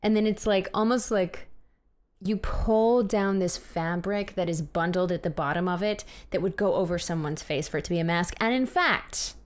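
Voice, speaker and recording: A woman narrating a tabletop horror game as its keeper, animated and sometimes dropping to a hushed whisper for eerie details. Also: on the low side, moderate pace.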